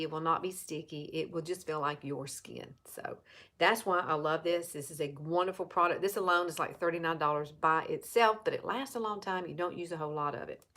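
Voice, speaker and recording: Chatty Alabama Southern woman, low voice. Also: fairly bright tone. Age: 50s. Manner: chatty, repeats herself, talks straight to viewers. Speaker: makeup seller and vlogger. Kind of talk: casual live makeup tutorial.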